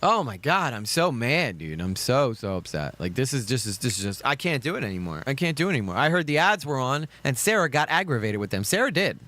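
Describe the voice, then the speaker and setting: A man's voice: mid-range voice, big pitch swings, fairly quick, few pauses, pushed and bright. A man with a Southern US accent giving heated, profane reaction commentary on videos.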